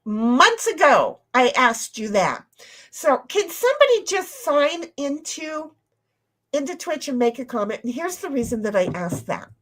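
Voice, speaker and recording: A woman's voice: high-pitched, sing-song, a little slow, fairly bright tone. A woman co-hosting a casual livestream chat, blunt, profane and playful. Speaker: stream co-host.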